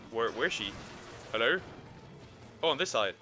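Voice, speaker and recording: A young man commenting on his game stream, excitable and profane. His voice is bright and swings widely in pitch, jumping to loud yells. Faint music plays behind him. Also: moderate pace, long pauses. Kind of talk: casual gaming commentary.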